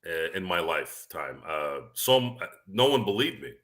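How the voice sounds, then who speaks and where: A man's voice: low-pitched, big pitch swings, measured pace, a bit bright. A man co-hosting a casual sports talk podcast, rambling and self-deprecating, laughing often as he talks. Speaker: podcast co-host.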